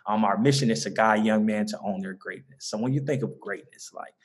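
A man's voice: fairly low pitch, a little fast. Earnest Southern American man, talking loosely. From Southern United States. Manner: earnest, loose and repetitive, with frequent ums and restarts. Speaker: founder of a mentoring organization. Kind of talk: conversational interview answer.

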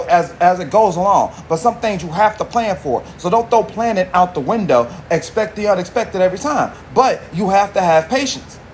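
Profane, rambling man with a high voice. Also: a little hiss or hum. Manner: profane, rambling, slang-heavy. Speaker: podcast host. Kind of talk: casual monologue.

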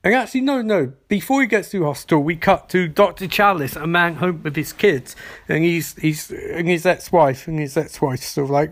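Casual male movie recapper, slightly high voice, sweary and jokey, acts out the characters' lines. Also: moderate pace.

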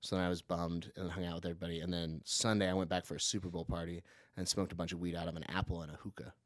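A man's voice: sits low, racing, no room sound, studio quality. A man co-hosting a podcast, telling a wild story in casual chat, laughing often and acting out the other people in it. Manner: animated, laughing often, acts out voices in stories. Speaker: podcast co-host.

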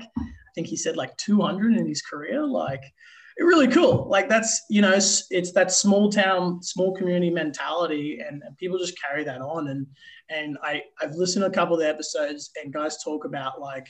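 Australian man, guest umpire; upbeat, chatty storyteller, somewhat higher pitch. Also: low-quality recording. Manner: animated, filler-heavy storytelling with swearing. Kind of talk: casual interview storytelling.

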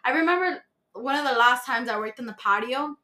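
Young woman guest on a chat podcast, high bright voice, blunt and swears a lot. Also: fairly quick. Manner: blunt, animated, swears freely.

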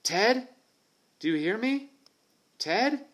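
A man voicing James, a panicked boy shouting. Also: on the high side, lively intonation, moderate pace, voice pushed up. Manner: urgent, shouting. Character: frightened boy leader calling for lost friends.

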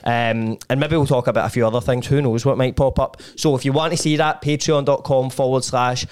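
A Scottish man hosting a casual podcast interview, chatty and prompting his guest with quick ayes and mm-hmms. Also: medium pitch, steady tone, a little mellow, clean tone. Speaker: podcast host.

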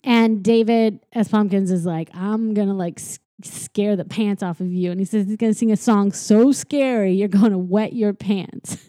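A woman from the United States cohosting a podcast, casually retelling a story and acting out characters with quick voices and frequent laughs. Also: medium pitch, steady tone, warm tone, dry recording, clean studio sound. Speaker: podcast co-host. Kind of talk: casual chat retelling a TV special.

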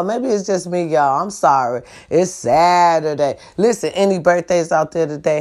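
Speaking low and at an even pace, this woman vlogger vents to her audience with cursing and bluntness. Again and again she checks that they're following her.

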